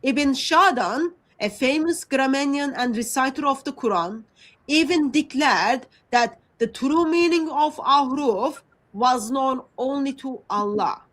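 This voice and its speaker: High-voiced woman, halting livestream talk. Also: expressive, fairly bright tone, poor audio. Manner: hesitant, many fillers and restarts. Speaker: Christian apologist presenter. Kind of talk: casual livestream explanation.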